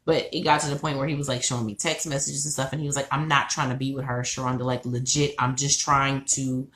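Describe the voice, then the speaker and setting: A young adult woman co-hosting a podcast, telling stories in a profane, animated way. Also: extremely low pitch, fast. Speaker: podcast co-host. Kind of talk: casual chat. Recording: echoey room.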